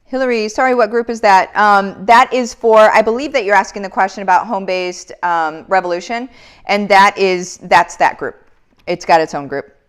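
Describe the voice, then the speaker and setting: A woman's voice: medium pitch, normal speed, clear, resonant tone. A woman in her thirties hosting a casual live Q&A, reading out viewer comments in an upbeat, motivational way. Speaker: live Q&A host.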